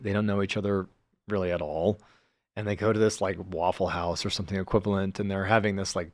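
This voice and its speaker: A man, a podcast guest, telling a story in a relaxed, casual way, filling his talk with fillers as he builds suspense. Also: fairly low pitch, dry recording.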